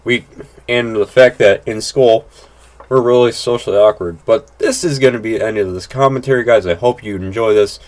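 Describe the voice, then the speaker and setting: A man's voice: on the low side, normal speed. Rambling young man on game commentary. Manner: rambling, full of "like" and restarts; blunt, swears casually. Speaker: gaming channel host. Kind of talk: casual gameplay commentary.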